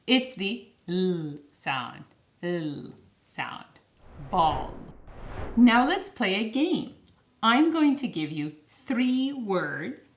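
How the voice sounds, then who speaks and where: A woman teaching young children phonics in a slow, clear, sing-song way, stretching each word out. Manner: sing-song, stretches words slowly with lively pitch.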